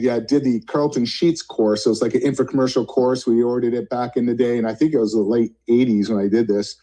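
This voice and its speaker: A man's voice: mid-range voice, dark tone, rough recording. A man in his fifties from Vermont, a guest speaker telling his story in a rambling, casual way on a video call, acting out old phone conversations as he goes. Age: 50s. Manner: rambling, self-correcting, acts out phone dialogue.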